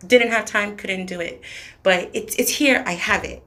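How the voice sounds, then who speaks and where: A gravelly-voiced woman in her late twenties vents straight to the camera, heated and swearing freely. Her voice sits at a middling pitch with plenty of fry. The sound is dry and close, with no room around it. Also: lively intonation, moderate pace, a bit bright, no echo. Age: late 20s. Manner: heated, profane, talks straight at the listener. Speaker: vlogger. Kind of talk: angry direct-to-camera rant.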